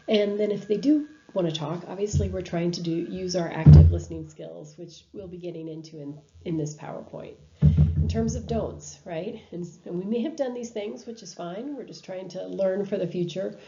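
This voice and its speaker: A woman's voice: fairly low pitch, normal speed, warm tone, dull audio. A woman giving a recorded university lecture over slides, talking in a conversational way with frequent ums and restarts. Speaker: university instructor.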